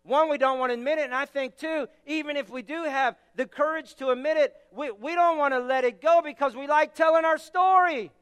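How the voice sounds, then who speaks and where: High-voiced preaching man in a reverberant hall. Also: fairly quick, few pauses. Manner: emphatic preaching, repeating words, shouting key phrases. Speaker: pastor. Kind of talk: sermon.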